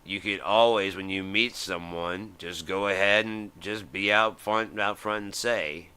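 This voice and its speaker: A man's voice: fairly low pitch, steady tone, a little slow, bright, forceful tone, clear, resonant tone. A man, middle-aged, hosting a live stream and ranting in a heated, profane way, acting out the voices he quotes. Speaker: host.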